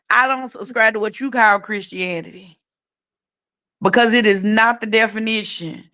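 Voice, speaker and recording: A woman's voice: fairly high pitch, brisk, bright, forceful tone. A middle-aged woman co-hosting a casual podcast about faith, speaking frankly in a testifying, storytelling way. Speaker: podcast co-host.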